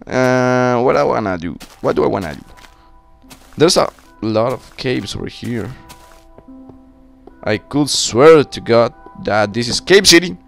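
Excitable male gamer, lively swooping delivery, cussing, voice a bit sick and cracking, soft music underneath. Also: medium pitch, a little slow, gravelly, long pauses. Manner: excitable, swears a lot, yells at game monsters. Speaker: gaming channel host. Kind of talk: casual Minecraft let's-play commentary.

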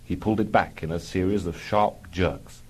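A man narrating a mock-heroic comic adventure in a dry, deadpan storytelling style. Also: deep voice, normal speed, husky, rough recording.

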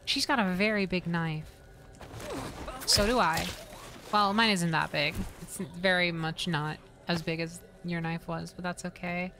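A woman streamer giving loud, excitable game commentary, often shrieking and swearing. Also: fairly low pitch, measured pace. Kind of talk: gaming commentary.

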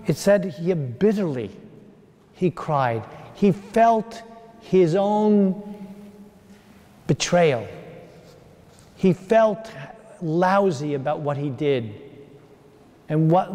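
A man, a priest, delivering a sermon in a slow, earnest way with long pauses. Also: sits high, mellow. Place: large church. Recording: long church reverb.

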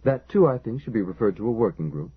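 Man voicing a crisp, precise ministry official. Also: on the low side, animated, fast, voice pushed up. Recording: lo-fi phone-like audio.

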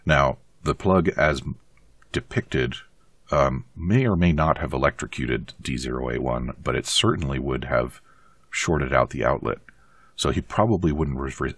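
A man's voice: extremely low pitch, measured pace, gravelly, a bit bright, slightly rough, no room sound. A man playing through a horror game, reading its text aloud with dry, wry asides. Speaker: let's play host. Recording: game music behind.

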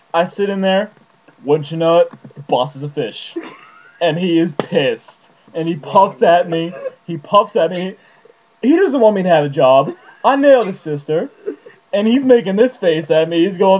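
A man rambling through an absurd comic monologue to camera, his voice jumping wildly in pitch and loudness. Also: animated, normal speed, lo-fi sound. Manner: rambling, jumpy, wildly swinging pitch and volume. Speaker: vlogger.

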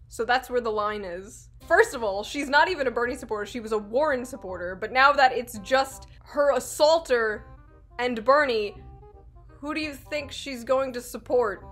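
A woman's voice: fairly high pitch, normal speed, a bit bright, faint music behind. A woman hosting a sarcastic political commentary video, mocking and blunt, with crude swearing.

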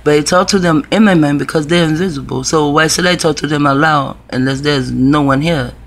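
A man's voice: fairly high pitch, fairly quick. A man telling a personal story to camera in a rambling, profane, conspiratorial way. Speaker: video blogger.

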